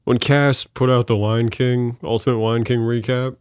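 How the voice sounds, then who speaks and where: A man's voice: mid-range voice, fairly even intonation, moderate pace, darkish tone, clean tone, no echo, studio quality. A man co-hosting a podcast, chatting casually in a laid-back, offhand way. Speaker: podcast co-host. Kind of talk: casual chat.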